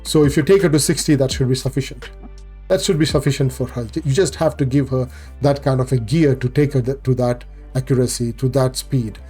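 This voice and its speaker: Male gaming host, mellow tone, rambling self-correcting guide talk over faint music. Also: mid-range voice, fairly even intonation, fairly quick, slightly rough. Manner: explanatory, repeats and corrects himself, many fillers. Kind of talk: game guide commentary.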